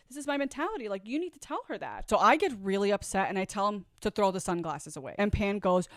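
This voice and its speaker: A woman with a deep voice tells a personal story, candid and reflective, acting out what people said. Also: animated, quick pace, few pauses, no echo, clean studio sound. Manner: candid, reflective, acts out quoted dialogue. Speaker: vlogger telling her own story. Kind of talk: storytime vlog.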